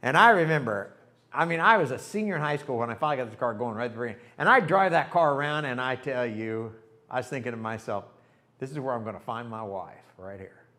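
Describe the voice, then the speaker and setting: An older man, a pastor, telling a folksy, animated story in a sermon and acting out the voices of the people in it. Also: medium pitch, fast talker. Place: church sanctuary.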